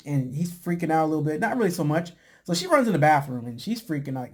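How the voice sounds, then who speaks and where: A man casually recapping a reality show, talking in a relaxed, chatty way with lots of fillers and putting on voices for quotes. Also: fast, husky. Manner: laid-back, chatty, lots of "you know" and "man"; acts out quotes in a higher voice. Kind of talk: casual chat.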